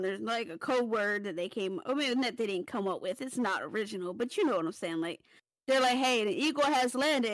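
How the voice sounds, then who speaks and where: A woman hosting a podcast, telling casual stories in an animated, profane way and laughing as she goes. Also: fairly high pitch, no room sound. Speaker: podcast host. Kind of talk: casual storytelling chat.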